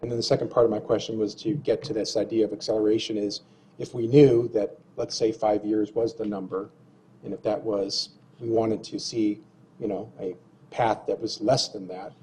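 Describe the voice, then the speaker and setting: Flat-voiced, low man leading a discussion. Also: a little hiss or hum, low-quality recording. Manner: measured, posing long questions. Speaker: discussion facilitator. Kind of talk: formal meeting discussion.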